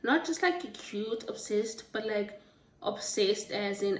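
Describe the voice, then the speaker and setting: A woman's voice: mid-range voice, takes it slowly. A woman vlogging casual book reviews in a chatty, rambling way, often stopping to correct herself. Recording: roomy, distant from the mic.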